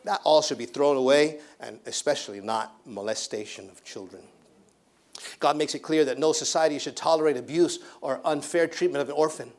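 A man preaching a sermon in a somewhat high voice. He drives his points home with emphatic repetition and breaks into laughter as he goes. He speaks as a missionary pastor addressing a church congregation. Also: darkish tone. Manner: emphatic preaching, repeating phrases, laughing often.

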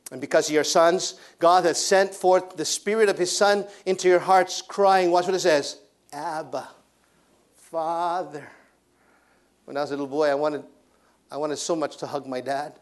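A man preaching a sermon in a church, repeating his points and swinging from hushed to loud. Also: a little high, steady tone, normal speed.

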